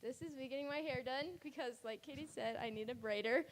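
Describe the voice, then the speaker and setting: Brief: chatty woman with a higher voice, casual photo-by-photo report, long church-hall reverb. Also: fast talker. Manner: chatty, laughing often. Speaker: mission trip presenter. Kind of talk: casual slideshow presentation. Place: church sanctuary.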